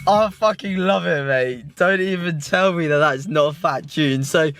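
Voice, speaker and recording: A young British man vlogging casually to his own camera at home and in his car, excitable, slangy and full of swearing. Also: a little high, measured pace, music in the background. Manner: excitable, slangy and sweary, keeps saying "mate". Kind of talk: casual vlog chat to camera. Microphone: self-filmed camera.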